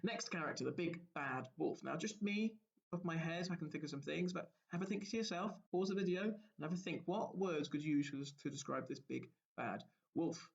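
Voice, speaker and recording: A male primary school teacher talks young children through a story lesson, explaining gently and pausing to ask them questions. His voice sits a little high and carries a gravelly edge. The recording sounds dull and lo-fi.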